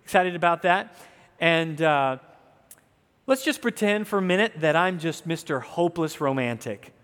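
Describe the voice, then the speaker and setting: A man's voice: on the high side, lively intonation, moderate pace, a bit bright. A man in his thirties from the American South, preaching a sermon in an earnest, conversational way with asides to the congregation. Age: 30s. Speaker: pastor. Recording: long hall reverb.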